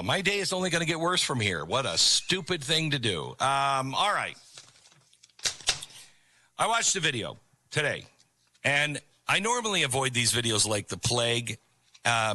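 A man's voice: medium pitch, big pitch swings, measured pace, pushed and bright, soft background music. A middle-aged man hosting a talk radio show, speaking in a conversational, rambling way with sarcastic asides. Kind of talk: talk radio monologue with live ad read.

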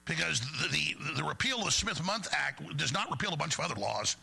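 A man's voice: a little high, expressive, fairly quick, vocal fry, sharp tone, breathy edge, rough recording. A middle-aged man hosting a talk show, ranting angrily and going off on tangents while mocking his opponents. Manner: angry, digressive, mocking impressions. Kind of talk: ranting monologue.

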